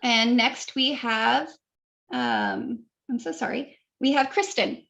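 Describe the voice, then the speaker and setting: A woman hosting a spelling bee on a video call, polite and encouraging, quick to apologize. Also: on the high side, wildly swooping pitch, gravelly, fairly bright tone. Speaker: spelling bee pronouncer and host. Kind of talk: reading words on a video call.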